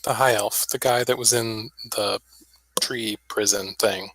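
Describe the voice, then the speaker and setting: Guy at a tabletop game, talks real slow, lots of like and um, dry mic. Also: lowish voice, fairly even intonation, fairly bright tone, husky, dry recording, poor audio. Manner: hesitant, filler-heavy, slow. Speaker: player. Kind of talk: casual tabletop game chat.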